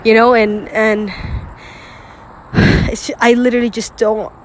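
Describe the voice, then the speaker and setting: A woman's voice: fairly high pitch, flat delivery, measured pace, a little hiss or hum. A young woman talking through her feelings alone to camera in a rambling, emotional monologue, full of "like," swearing, sighs and nervous laughs, close to tears. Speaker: vlogger.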